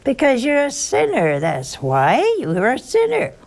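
A woman's voice: on the high side, huge pitch swings, unhurried, darkish tone. A woman giving an informal sermon, telling chatty, teasing stories with a folksy touch. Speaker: religious speaker.

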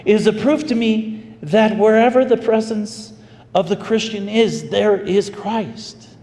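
A man preaching as a pastor, telling a story in an animated, folksy way. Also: high-pitched, a little slow. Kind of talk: storytelling sermon. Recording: echoey hall with faint ambience.

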